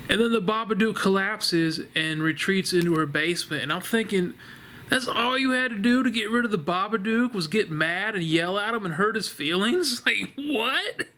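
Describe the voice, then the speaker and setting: A man's voice: sits high, fairly bright tone, a little hiss or hum. A man casually reviewing a horror movie from his couch at home, rambling and laughing, blunt and profane. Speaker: vlogger reviewing a horror film. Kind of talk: casual spoken film review. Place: living room couch at home.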